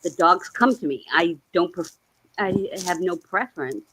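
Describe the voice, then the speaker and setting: A woman on a video call, chatting casually and telling rambling, animated stories. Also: fairly low pitch, moderate pace, slightly rough, poor audio. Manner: rambling, animated storytelling with laughs. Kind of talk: casual chat.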